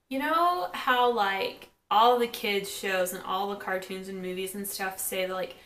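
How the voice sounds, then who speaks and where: A woman giving a casual recap of a TV episode, chatting and quoting characters in quick asides. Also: medium pitch, fairly bright tone. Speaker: TV episode reviewer. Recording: echoey room.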